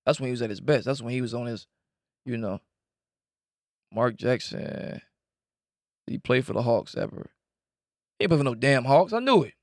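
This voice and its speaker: A man co-hosting a sports podcast, teasing and animated in casual chat. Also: medium pitch, moderate pace, long pauses, dry recording, studio quality. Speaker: podcast co-host.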